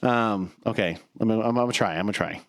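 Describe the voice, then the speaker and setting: A man's voice: fairly low pitch, fast, no echo, studio quality. A man co-hosting a casual podcast chat, self-deprecating and swearing freely, with sighs and laughs. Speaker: podcast co-host.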